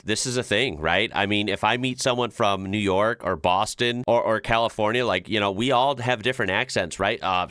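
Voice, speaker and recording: Bright-voiced chatty American man. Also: lowish voice, no echo, studio quality. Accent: Northern US. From northern United States. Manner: chatty, self-correcting, rhetorical "right?". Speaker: reaction video host. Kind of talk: casual commentary.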